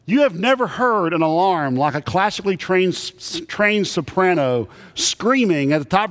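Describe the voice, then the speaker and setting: Guy preaching, folksy and funny, high voice, long echo like a big church. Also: expressive, moderate pace, hardly any pauses, fairly bright tone. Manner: folksy storytelling with humor. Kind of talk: sermon. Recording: long reverb of a big hall.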